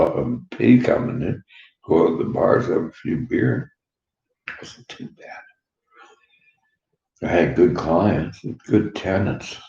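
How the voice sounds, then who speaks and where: Deep dark gravelly guy in his 60s, blunt n profane, dull echoey room. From Canada. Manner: blunt, profane, laughs between remarks. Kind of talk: rambling personal monologue.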